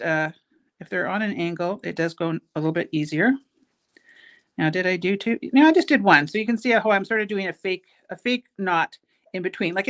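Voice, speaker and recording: A woman's voice: fairly low pitch, fairly bright tone. A middle-aged woman leads a casual beading tutorial from her shop. She chats freely between steps and pokes fun at herself as she works. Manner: chatty, self-mocking, laughs at her own jokes. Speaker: host, bead shop owner teaching a craft. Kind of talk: casual craft tutorial with chatty asides.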